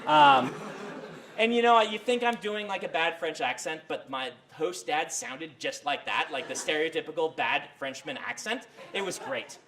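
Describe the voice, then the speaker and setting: A man's voice: on the high side, expressive, moderate pace, a bit bright, a little hiss or hum. A man giving a casual university writing lecture, rambling with lots of fillers and restarts. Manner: rambling, many fillers and self-corrections.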